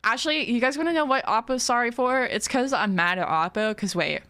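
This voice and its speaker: A woman's voice: on the high side, a little fast, a bit bright, dry recording. A woman streaming a video game, chatting casually with her viewers and often giggling. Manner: chatty, giggly, talks to chat. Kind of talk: casual livestream chat while playing.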